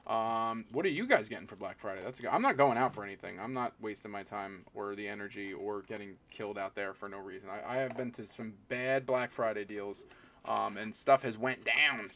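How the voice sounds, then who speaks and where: A man's voice: lowish voice, brisk, fairly bright tone, a little hiss or hum. A man live-streaming as he opens trading card packs, chatting casually and naming each card as it comes out. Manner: chatty, rambling, calls out each card as it is pulled; talks to viewers and people in the room.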